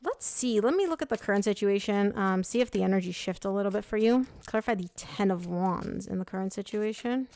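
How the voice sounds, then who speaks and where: A woman's voice: medium pitch, brisk, few pauses, a little mellow. Chatty young woman reading tarot. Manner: chatty, frank, full of "like" and self-corrections. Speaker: tarot reader. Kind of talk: casual tarot reading to camera.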